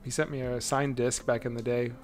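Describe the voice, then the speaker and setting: A man's voice: medium pitch, flat delivery, brisk, faint music behind. A man hosting a casual livestream chat, rambling along and laughing often. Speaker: host.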